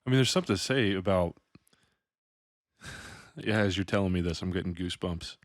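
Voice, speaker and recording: A man hosting a podcast interview, speaking reflectively and thinking aloud in a soft voice. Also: deep voice, moderate pace, no echo, studio quality. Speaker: podcast host. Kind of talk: casual interview conversation.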